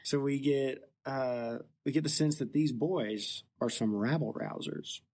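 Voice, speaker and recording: Man, podcast host, casual retelling, jokey, mid-pitched voice. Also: measured pace, darkish tone. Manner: jokey, acts out quotes in voices. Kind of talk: casual chat retelling a book chapter.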